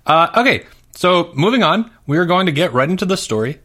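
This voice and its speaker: Steady male podcast storyteller. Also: sits high, a little fast. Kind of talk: storytelling reading.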